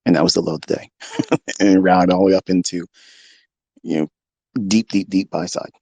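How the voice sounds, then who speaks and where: A man's voice: deep voice, steady tone, fairly quick, dark tone, dry recording. A middle-aged man, a trading mentor, talks unfiltered and profanely from his home basement, swinging into combative outbursts. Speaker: trading mentor on a live audio space. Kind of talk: unfiltered ranting talk.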